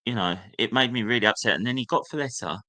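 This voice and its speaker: Bright-voiced man telling his story. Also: medium pitch, fast. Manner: candid, reliving memories, acts out a teacher's sneering voice. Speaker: guest. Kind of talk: personal storytelling.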